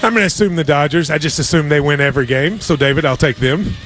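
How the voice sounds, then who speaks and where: A man's voice: a little high, fast talker, a bit bright, faint music behind. A man hosting a sports radio show, chatting casually about betting picks with wry, playful banter.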